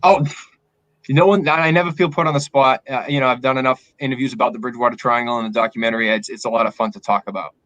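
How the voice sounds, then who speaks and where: A man's voice: mid-range voice, steady tone, quick pace, a bit bright, dry recording, dull audio. A man with an Eastern Massachusetts accent, chatting frankly as a guest on a video call. He sounds reflective and often restarts his sentences. The sound is dry and close, with little room around it. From Massachusetts, south of Boston. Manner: candid, reflective, with frequent restarts. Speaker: guest filmmaker. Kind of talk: casual live-stream chat.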